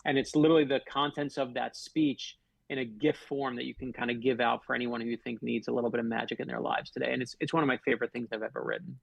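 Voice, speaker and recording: Middle-aged guy from florida telling stories on a radio show, gravelly and a bit husky, close dry mic. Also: medium pitch, level tone, fast talker, dry recording. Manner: heartfelt, emphatic, builds stories to a punch. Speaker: author guest. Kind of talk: earnest storytelling in a radio interview.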